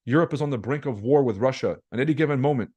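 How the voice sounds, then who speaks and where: A man's voice: mid-range voice, rapid-fire, a little mellow, slightly rough. A young man hosting a trading webinar, talking bluntly and casually with slang, profanity and rhetorical questions to his viewers. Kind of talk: casual livestream market commentary.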